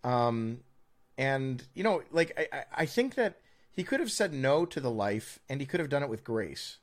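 An American man co-hosts a casual podcast at a mid-range pitch. He rambles and restarts his sentences, dropping dry, sardonic jabs along the way. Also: big pitch swings, moderate pace. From United States. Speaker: podcast co-host. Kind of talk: casual opinionated chat.

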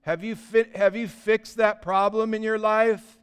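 God the Father, a male figure as a preacher puts him on, asks the same thing again and again in mock puzzlement. The voice sits high and rings clear. He sounds patient but pointed, like a father waiting on an answer. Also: little pitch movement, unhurried. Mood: quizzical. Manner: mock-puzzled, repeating questions.

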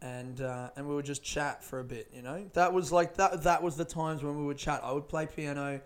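A man's voice: a little high, normal speed. Rambling, profane young man. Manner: rambling, profane, often laughing. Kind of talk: casual personal storytelling.

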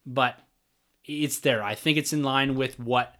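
A man co-hosting a casual movie podcast, talking in a relaxed conversational way and reading out listener mail. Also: medium pitch, unhurried. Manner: conversational, reads listener messages aloud. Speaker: podcast co-host. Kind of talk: casual chat.

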